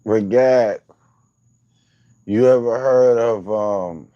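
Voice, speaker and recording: A man's voice: on the low side, extremely slow, dark tone, no room sound, muffled recording. A man hosting a livestream, chatting casually with viewers in loose, profane, rambling banter. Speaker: livestream host.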